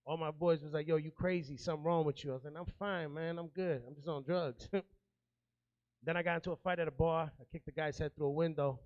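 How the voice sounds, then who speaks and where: A man's voice: fairly high pitch, steady tone, fast talker, darkish tone, dry recording, highs cut off. A man from New York in his thirties doing a stand-up comedy set, streetwise and chatty, working the crowd.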